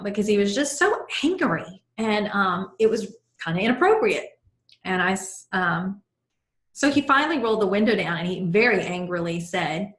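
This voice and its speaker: A middle-aged woman leads a live online coaching class. She guides her listeners through breathing and tells stories from her own life in an earnest, encouraging way. Her voice sits at an ordinary middle pitch, and the video-call audio carries a roomy echo. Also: moderate pace, fairly bright tone.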